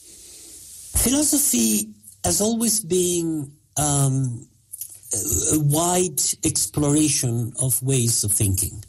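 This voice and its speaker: Husky-voiced man explaining with many pauses. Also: fairly high pitch, lively intonation, warm tone. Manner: halting, many fillers, explanatory. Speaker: physicist guest. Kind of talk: interview answers.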